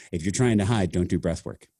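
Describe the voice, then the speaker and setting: A man's voice: low voice, normal speed, warm tone, no room sound. A man hosting a podcast, speaking in a reflective, earnest and casual way, often saying "man" and "like". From half Sicilian family heritage. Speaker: podcast host. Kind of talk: casual conversation.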